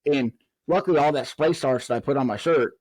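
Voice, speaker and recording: A man's voice: medium pitch, a little fast, breathy edge, dry recording. A man, a former prison officer, telling a long story in a podcast interview and acting out the voices of the people in it. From Southern United States. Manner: animated storyteller, acts out quoted dialogue.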